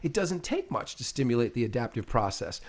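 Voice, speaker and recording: A man's voice: mid-range voice, sing-song, brisk. Emphatic man explaining with energy. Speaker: interview guest, chiropractor. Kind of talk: casual conversation.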